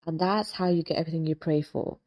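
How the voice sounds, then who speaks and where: A woman hosting a faith-based motivational talk, animated and casual, often acting out inner dialogue. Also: sits low, fast talker. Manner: casual, repetitive affirming delivery. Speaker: host, hypnotist and life coach.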